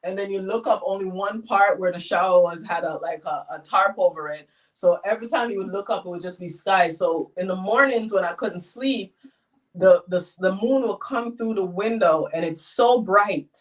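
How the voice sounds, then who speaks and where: A woman guest telling personal stories in a casual, emotional, animated way, with wide swings in how she speaks. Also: medium pitch, normal speed. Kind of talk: casual storytelling. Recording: voice a bit far from the mic.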